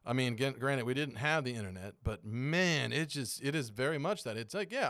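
A man's voice: medium pitch, normal speed, hardly any pauses, no room sound. Chatty, laughing man, dry close mic. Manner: rambling, animated storyteller who laughs often. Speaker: podcast guest. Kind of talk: casual chat.

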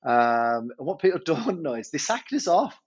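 Guy, head teacher, tells stories all excited, repeats words a lot, bit high and husky. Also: normal speed, muffled recording. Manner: animated, self-interrupting storyteller with frequent repeats. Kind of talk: storytelling in a podcast interview.

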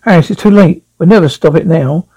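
A man voicing a worried male compound controller, reading from a script in a halting, anxious way. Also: on the high side, mellow, close to an everyday voice, low-quality recording. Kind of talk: script read aloud.

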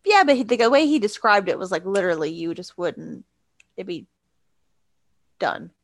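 A woman's voice: medium pitch, sing-song, normal speed, no room sound. A woman co-hosting a casual chat, teasing her friend and laughing often. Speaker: podcast co-host.

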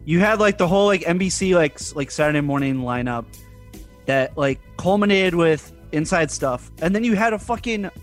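Lively higher-voiced joking man. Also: normal speed, faint music behind. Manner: excitable, laughs often, swears freely. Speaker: podcast co-host. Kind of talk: casual podcast banter.

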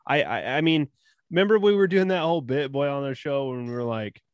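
A man co-hosting a podcast in casual chat, animated and jokey, swearing freely. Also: mid-range voice, a little fast, smooth, dry recording. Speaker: podcast co-host.

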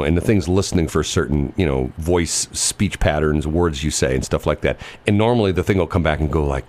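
A man hosting a radio show, chatting casually and telling stories, acting out the voices of people in them. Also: very deep voice. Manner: animated storyteller, mimics voices. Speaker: radio host.

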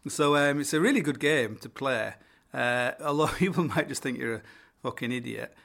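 A middle-aged man with a northern English accent tells a story in a loose, rambling way, hosting his own show. His voice has a gravelly, creaky edge. It sits at an ordinary pitch, and he peppers his talk with fillers and casual swearing. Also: normal speed, a bit bright. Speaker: podcast host.

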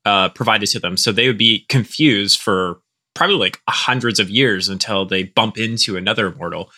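A man with a somewhat low but bright voice speaks in a casual podcast chat. He reasons through a question step by step in a calm, methodical way. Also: moderate pace. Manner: thoughtful, methodical.

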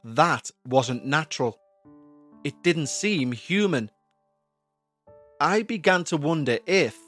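A man narrating a scripted horror story in a slow, measured, tense way. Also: medium pitch, fairly bright tone. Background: faint background music.

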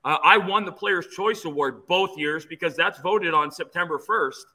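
A man in his fifties from Phoenix, a guest telling stories in an animated way with many restarts. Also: a little high, moderate pace, low-quality recording. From Phoenix, USA. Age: 50s. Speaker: interview guest, former player. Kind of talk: storytelling in an interview.

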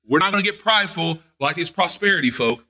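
Fervent, bright-voiced male preacher. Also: fairly high pitch, animated, fast talker. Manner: fervent, building to loud exhortation; repeats phrases for emphasis. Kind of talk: sermon.

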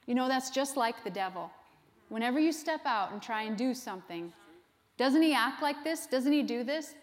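A woman pastor preaching a sermon with an animated style and frequent laughs. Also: on the high side, big-room sound.

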